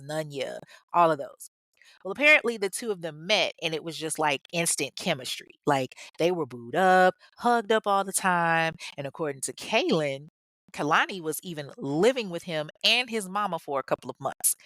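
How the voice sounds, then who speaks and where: A woman's voice: on the low side, fairly bright tone, no room sound, clean studio sound. A young woman retelling a true-crime story in casual talk, blunt and profane, with mocking asides.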